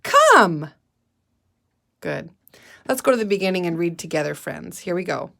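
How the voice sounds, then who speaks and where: Leading young children in guided reading, a woman teacher patiently and deliberately gets the class to say and spell words. She speaks in a lowish voice with vocal fry.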